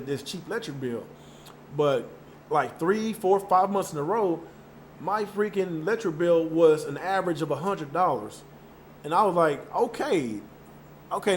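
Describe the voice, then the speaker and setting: A man's voice: on the high side, slight background noise. A man hosting a gaming channel, chatting casually with his viewers in a loose, emphatic way, with repeated words and mild cursing. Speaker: gaming channel host reading viewer chat. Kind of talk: casual live-stream chat.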